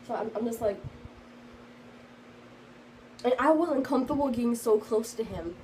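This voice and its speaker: A woman's voice: a little high, normal speed, darkish tone, slight background noise, poor audio. A teenage girl telling a storytime vlog in a rambling, casual way, full of fillers, and slightly sick. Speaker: vlogger.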